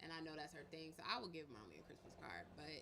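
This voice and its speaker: Frank woman with a lowish voice. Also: sing-song, fast talker, crowd noise. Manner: frank, opinionated, slangy. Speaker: family member. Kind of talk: casual family conversation.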